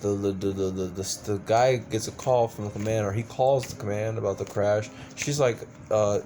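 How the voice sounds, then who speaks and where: A man's voice: lowish voice, normal speed, darkish tone, soft background music. A man reviewing a movie in a casual rant, exasperated and profane, rambling with lots of restarts. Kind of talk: casual ranting film review.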